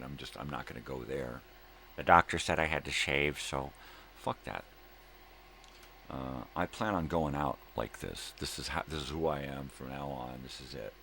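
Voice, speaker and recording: Very deep gravelly man ranting. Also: fairly bright tone, a little hiss or hum. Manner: profane, angry ranting. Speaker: daily video show host. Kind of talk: casual monologue.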